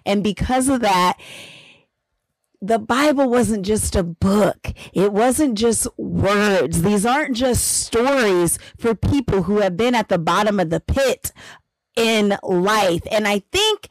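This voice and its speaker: A woman's voice: mid-range voice, slow, dry recording, low-quality recording. Earnest reflective woman co-host. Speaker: podcast co-host. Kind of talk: casual faith chat.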